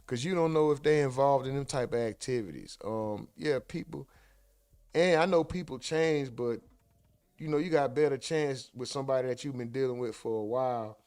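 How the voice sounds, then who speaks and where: A fairly high-voiced man rants at his livestream chat in loose, profane slang, jumping up into mocking voices to act out other people. The sound is close and dry, with no room around him. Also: smooth, dry recording. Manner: animated, mocking voices of others with sudden pitch jumps; profane, slangy street talk addressing chat. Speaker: livestream host reacting to clips. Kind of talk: casual reaction commentary.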